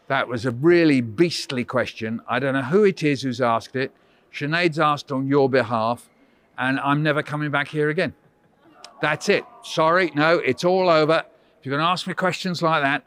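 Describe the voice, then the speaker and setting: This is playful storytelling aimed at children: a man leads a school workshop by video call, teasing the kids in a theatrical, mock-huffy way. He speaks at a normal speed in a medium, slightly bright voice with no echo.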